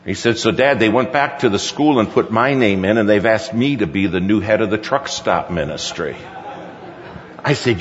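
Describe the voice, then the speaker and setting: A man's voice: fairly low pitch, expressive, measured pace, pauses often, slight background noise. A middle-aged male pastor telling a folksy story in a sermon, quoting his son at length. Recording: dull recording with hall reverb.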